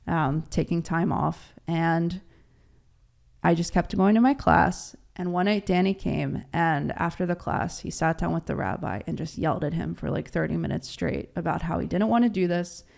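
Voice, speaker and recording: A woman with a lowish voice and a lot of gravelly fry tells her story as an interview guest. She talks casually, laughs often and acts out what others said. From Baltimore, USA.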